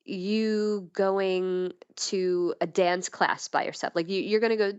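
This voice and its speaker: A woman's voice: lowish voice, steady tone, slow pace, clear, resonant tone, dry recording, lo-fi sound. A woman guest in a casual podcast chat, talking candidly and playfully, with frequent laughs and restarts.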